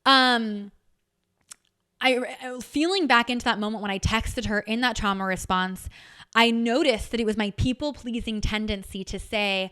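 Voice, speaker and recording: A woman hosting a podcast, telling a personal story in a candid, animated way and swearing freely as she goes. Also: fairly high pitch, normal speed, clean tone. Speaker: podcast host. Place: home.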